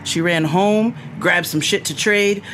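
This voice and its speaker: A woman's voice: on the low side, measured pace, a bit bright, a little hiss or hum. A woman hosting a podcast, reading a short comic story aloud and building up to the punchline. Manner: builds up to a punchline, then laughs. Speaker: podcast host.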